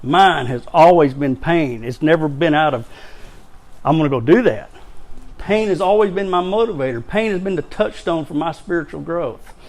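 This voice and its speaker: A man giving a personal share at a recovery meeting, halting and repeating words, emotional, with self-deprecating humor. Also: fairly high pitch, animated. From Louisiana, raised in Texas. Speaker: recovery speaker.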